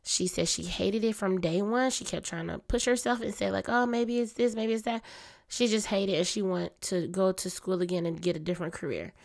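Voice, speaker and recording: A young adult woman hosting a casual personal podcast, chatty and confiding, her voice a little hoarse and throaty. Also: a little fast, few pauses, a little mellow. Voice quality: deeper, grown-up voice than her usual small one. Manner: chatty, confiding, talks straight to listeners as y'all. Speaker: podcast host.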